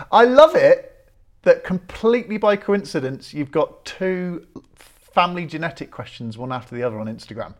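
Podcast host reading listener questions. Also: male voice, fairly high pitch, lively intonation, moderate pace. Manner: reads listener questions, laughs along. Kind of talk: casual podcast interview.

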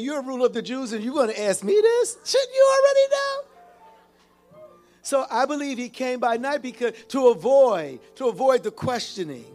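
High-voiced preacher man, animated. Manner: animated preaching with call-and-response; repeats and restarts phrases. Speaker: pastor. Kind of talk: sermon.

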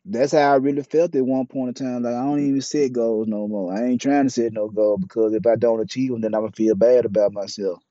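A man's voice: mid-range voice, fairly even intonation, a little fast, few pauses, mellow, no room sound. A man talking bluntly and profanely in a casual, opinionated monologue. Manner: blunt, profane, preachy street talk. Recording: dull, dry, lo-fi mic.

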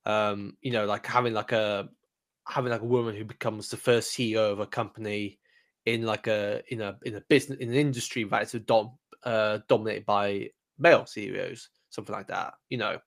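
A man's voice: on the low side, steady tone, a little fast. A man co-hosting a podcast review, chatting casually with many fillers and restarts. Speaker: podcast co-host.

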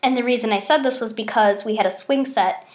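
A young woman telling stories in a casual podcast chat, animated and swearing freely. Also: on the high side, a little fast. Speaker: podcast host.

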